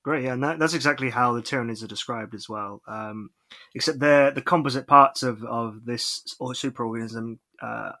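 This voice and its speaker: A man's voice: mid-range voice, a little fast, pushed and bright. A man co-hosting a podcast, chatting casually with many fillers and restarts into a podcast microphone. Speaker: podcast co-host.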